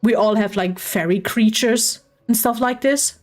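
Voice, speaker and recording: Woman chatting, bit high. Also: a little slow, faint music behind. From Germany. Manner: excitable, swears freely, animated asides. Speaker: podcast host. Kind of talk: casual chat.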